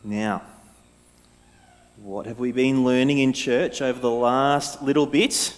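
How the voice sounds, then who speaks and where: A man's voice: medium pitch, fairly even intonation, slow. An Australian man giving a playful children's talk at a live church service, quizzing the kids with questions. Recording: reverberant church hall.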